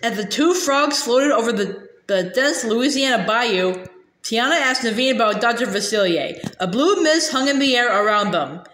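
Halting woman reading aloud, echoey room. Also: on the high side, expressive, fairly bright tone. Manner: halting, repeats words and says uh. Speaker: reader. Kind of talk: reading a children's novel aloud.

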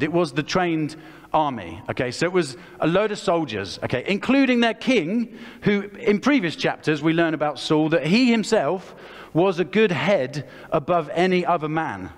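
Animated English male preacher with a slightly high voice, telling a Bible story to a church hall with long reverb. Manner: animated, acts out the characters' voices. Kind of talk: lively storytelling sermon with a child helper acting.

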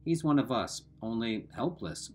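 A man's voice: mid-range voice, very animated, measured pace, darkish tone, soft background music. A man reading aloud and voicing a fierce teenage girl who scolds sharply and sarcastically.

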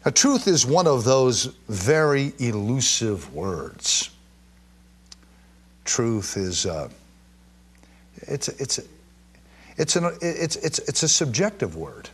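Husky, lively-voiced man teaching scripture. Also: medium pitch. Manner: emphatic, repeats key words, reads verses slowly with stress; chatty asides and questions to the audience. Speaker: Bible teacher. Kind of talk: teaching to a live and streamed audience.

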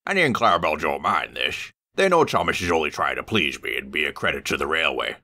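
Deep-voiced male storyteller, bright and animated. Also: fast, vocal fry. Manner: expressive storybook reading. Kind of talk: reading a children's story aloud.

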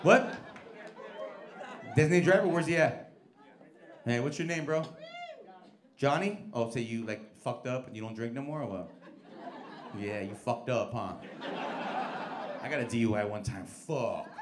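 A man's voice: medium pitch, a little slow, pauses often. A man in his forties doing stand-up crowd work on a comedy club stage, brash and profane as he teases the audience. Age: 40s. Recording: echoey club with crowd noise. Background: laughing club audience.

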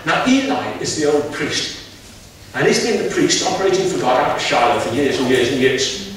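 A man's voice: a little high, very animated, normal speed, a bit bright. A man preaching a sermon in a chatty, folksy storytelling way with homely asides. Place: church hall. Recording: echoey hall, mic at distance, faint noise.

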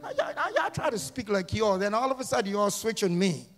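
High-voiced preacher man, booming church hall. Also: lively intonation, a little fast. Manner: repetitive questioning, builds to shouting, sing-song cadence. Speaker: guest pastor. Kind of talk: Easter sermon with call-and-response. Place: church sanctuary. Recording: church hall reverb with music.

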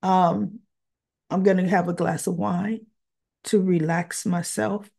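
A woman recapping a soap opera episode in a casual monologue, emotional and teary, exasperated and animated as she retells it. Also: fairly low pitch, takes it slowly, creaky, husky.

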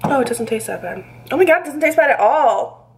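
A woman's voice: high voice, lively intonation, a little fast, creaky, a little hiss or hum, low-quality recording. A young woman vlogging casually at home, reacting dramatically and squeamishly as she talks through a recipe. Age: young adult. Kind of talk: casual vlog chat.

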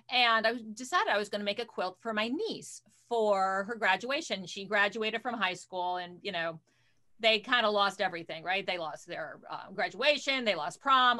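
Woman quilter guesting on a video call; bright, chatty, casual. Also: mid-range voice. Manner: chatty, scattered while fumbling with screen sharing.

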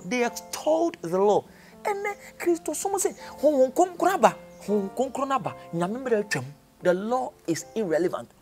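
A man with a Ghanaian accent preaching a sermon, impassioned, dropping low and then crying out. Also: sing-song, moderate pace, darkish tone, soft background music.

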